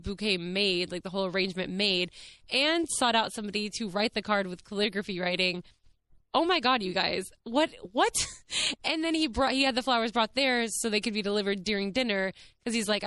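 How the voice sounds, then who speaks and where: Gushing young woman, smooth voice. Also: medium pitch. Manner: gushing, excited, peppered with "like" and "what is happening". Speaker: podcast host. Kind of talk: casual storytelling monologue.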